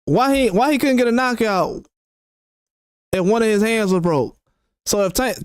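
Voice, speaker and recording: High-voiced man ranting about boxing. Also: a little slow, no echo, clean studio sound. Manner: animated, mocking, quotes critics sarcastically. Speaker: boxing channel host. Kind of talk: opinionated commentary rant.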